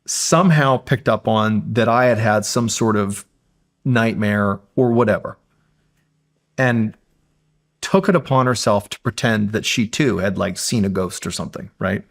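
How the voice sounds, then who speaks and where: A man's voice: lowish voice, unhurried, gravelly. A man, a podcast guest, telling a suspenseful true story in casual conversation, building tension and often saying "like".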